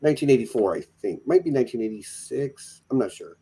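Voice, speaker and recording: Co-host, casual film chat, mid-pitched voice, joking asides. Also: lively intonation, fast, dark tone, husky. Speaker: podcast co-host.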